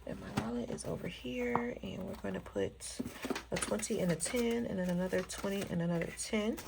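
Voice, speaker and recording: A woman's voice: medium pitch, lively intonation, moderate pace, vocal fry, very noisy. A woman, chatting casually as she counts cash into envelopes in a budgeting vlog and talking straight to her viewers. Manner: chatty, counts bills aloud, addresses viewers as y'all. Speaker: budgeting vlogger.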